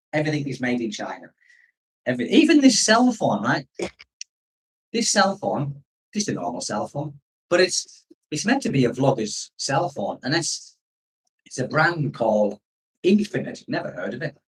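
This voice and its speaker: A man's voice: medium pitch, far from the mic, low-quality recording. A man hosting a casual livestream, rambling between stories and reading out viewer comments. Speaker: expat livestream host. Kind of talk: casual live-stream chat.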